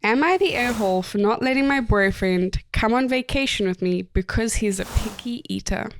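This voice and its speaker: A woman's voice: on the high side, lively intonation, moderate pace, a little hiss or hum. South African woman, chatty podcast co-host. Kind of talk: casual chat.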